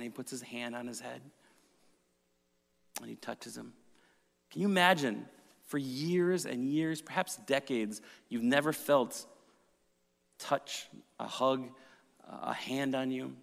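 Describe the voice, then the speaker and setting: A man preaching a sermon with dramatic shifts from loud emphasis to hushed retelling. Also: mid-range voice, a little slow, vocal fry, pauses often. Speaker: pastor. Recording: reverberant hall.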